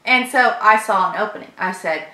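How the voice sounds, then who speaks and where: A woman's voice: medium pitch, a little fast, sharp tone, echoey room. A woman, a sales professional telling a story to camera and acting out both sides of the conversations.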